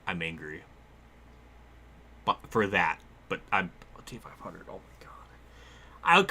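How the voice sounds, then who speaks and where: A young man with a fairly low-pitched voice casually talks through a racing game livestream, sounding excitable, laughing often and quick to swear.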